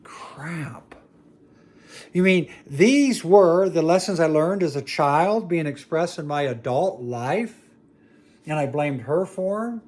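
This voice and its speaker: A man giving a talk to an audience, telling stories in a jokey, self-mocking way with sudden high exclamations. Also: expressive, a little slow, a little mellow. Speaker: speaker on family dynamics.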